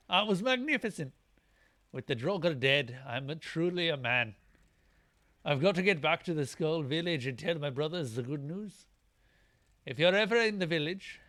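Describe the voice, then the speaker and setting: Man doing a boastful young Norse warrior. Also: a little high. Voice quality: loud, hearty and declamatory. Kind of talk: reading game dialogue aloud in character.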